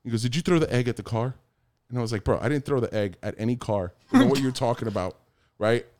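A man casually telling a story among friends, animated, swearing a lot and acting out the quotes. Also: mid-range voice, quick pace.

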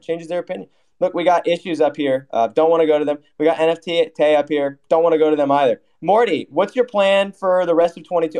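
A man's voice: a little high, a little mellow. A man hosting a casual online audio chat, brash and joking, with plenty of swearing. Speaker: host of an online audio room.

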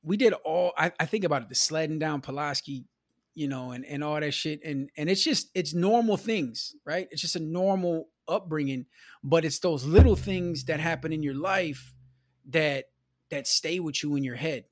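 This Milwaukee man, a podcast guest from the American Midwest, casually rambles through stories from his childhood, sprinkling in "you know", "man" and "bro". His voice is a bit higher than most men's and moves at a moderate pace. The sound is close and dry, without room echo.

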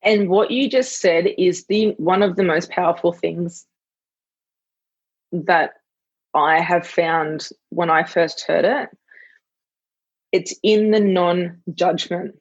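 A woman hosting an interview, effusive and heartfelt, telling personal stories with a husky voice. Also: lowish voice. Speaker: podcast host, mother. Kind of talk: conversational podcast interview. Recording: dull lo-fi, dry.

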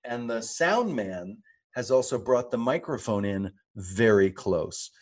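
Male co-host, middle-aged, low-pitched, animated storyteller. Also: measured pace. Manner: animated storyteller, acts out quotes. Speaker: podcast co-host. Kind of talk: casual chat.

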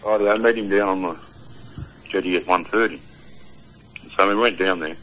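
A man's voice: sits low, moderate pace, a bit bright, rough recording. Australian man spinning a yarn by phone. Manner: rambling yarn-spinning with restarts. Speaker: caller. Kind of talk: phone-in storytelling.

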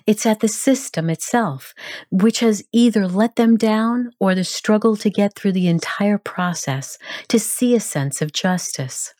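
A woman narrating a grief support guide in a calm, measured, gentle instructional manner. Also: mid-range voice, no echo, studio quality.

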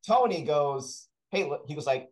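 A man's voice: fairly high pitch, expressive, moderate pace, low-quality recording. A man, a talent sourcer, chatting as an interview guest and telling rambling anecdotes full of restarts. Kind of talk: casual interview storytelling.

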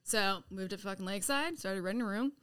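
Profane, bright-voiced woman storyteller. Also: mid-range voice, quick pace, clean tone. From San Diego, California. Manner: profane, blunt, animated storyteller. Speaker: podcast guest. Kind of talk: casual storytelling.

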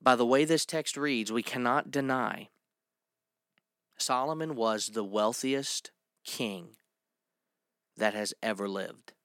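A man's voice: mid-range voice, a bit bright, clean tone, no room sound, studio quality. Man preaching an emphatic sermon. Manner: emphatic, stretches key words slowly; reads scripture aloud between points.

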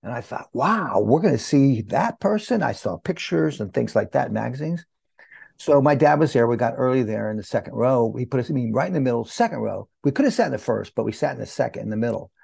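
An older man, a hair educator, guest on an interview, telling his story with animated storytelling and acted-out dialogue. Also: mid-range voice, fast talker, vocal fry, husky, no echo. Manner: animated storyteller who acts out quoted dialogue.

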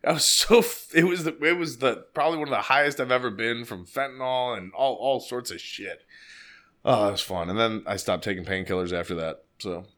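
Animated male guest, profane casual storytelling. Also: mid-range voice, a little fast. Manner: profane, animated, laughing as he tells it.

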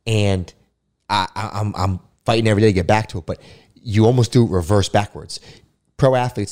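Low-voiced man, reflective and emphatic. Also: a little mellow. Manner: reflective and emphatic, repeats words when restarting. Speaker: podcast guest, former pro football player. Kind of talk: casual conversational interview.

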